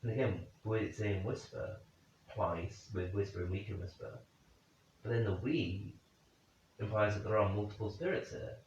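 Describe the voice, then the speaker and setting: Speaking in a fairly low voice, a paranormal investigator holds a night vigil in an indoor room, pausing to reason and doubt himself as he speculates and addresses spirits directly. He's positioned away from the microphone, the room echoes heavily, and the dull lo-fi audio carries slight background noise.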